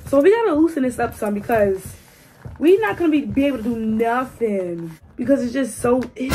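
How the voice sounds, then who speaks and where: A young woman in her twenties chatting casually to camera as a beauty vlogger, her voice raspy from a cold, playful and teasing. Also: on the high side, expressive, moderate pace, dark tone, soft background music. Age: 20s. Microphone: phone camera.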